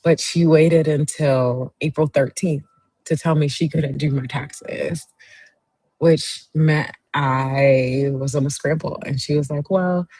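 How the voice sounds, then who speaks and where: Slow, husky-voiced woman host chatting. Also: low-pitched, steady tone, no echo, rough recording. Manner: chatty storyteller, cheers viewers on warmly. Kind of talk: casual livestream chat, reading viewer comments.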